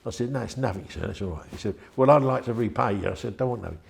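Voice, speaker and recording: Older man, gravelly storyteller. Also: lowish voice, rapid-fire. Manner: rambling, chatty, acts out quoted voices. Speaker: interviewee. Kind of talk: anecdotal storytelling.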